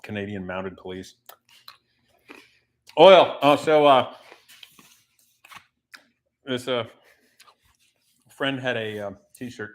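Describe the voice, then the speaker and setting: A man hosting a casual livestream from his home garage, rambling and joking while he works and reads the chat aloud. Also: mid-range voice. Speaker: livestream host.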